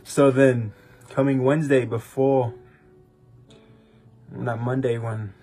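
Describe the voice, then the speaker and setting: A young podcast co-host shares his personal testimony in a rambling, casual way, restarting often. His medium-pitched voice is slow, dark and husky with little pitch movement, and faint music plays behind him.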